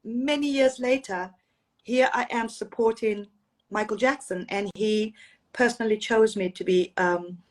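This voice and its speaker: A woman at a middle pitch tells stories from her career in an easy, chatty way and laughs often. She sounds relaxed and open, as if talking on a video call. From Zambia and Zimbabwe. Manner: warm, storytelling, laughs often. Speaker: interviewed singer. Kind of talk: casual interview.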